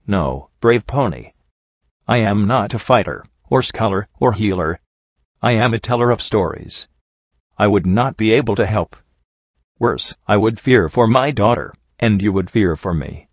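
A man voicing a gentle, wise female zebra storyteller, a mother, in a measured, formal, gently teasing way, in a fan audiobook reading. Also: lowish voice, expressive, no echo. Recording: dry, slightly muffled lo-fi recording.

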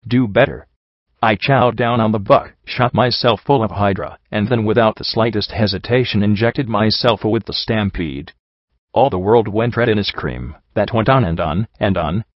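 A man reading a first-person story aloud in a steady, grim way. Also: on the low side, normal speed, no echo. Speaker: audiobook reader. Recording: dull lo-fi recording.

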